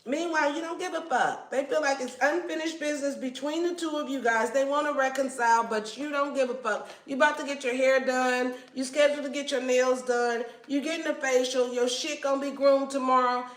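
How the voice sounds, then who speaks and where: Give me a woman with a high voice reading tarot cards, blunt and full of slang, in a room with echo. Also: fairly even intonation, brisk, hardly any pauses. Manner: blunt, slangy, swears freely, acts out the listener's replies. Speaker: tarot reader. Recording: echoey room.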